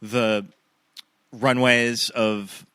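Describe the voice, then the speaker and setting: A man co-hosting a podcast in casual chat, steady and musing, often asking questions. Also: medium pitch, very slow, clear, resonant tone, no echo. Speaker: podcast co-host.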